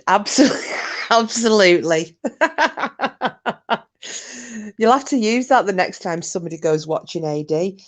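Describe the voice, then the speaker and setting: Her fairly low voice is expressive, moving at a moderate pace with long pauses, as this Scottish woman hosts a live chat. The talk with viewers is casual, jokey, and rambling, packed with fillers and restarts.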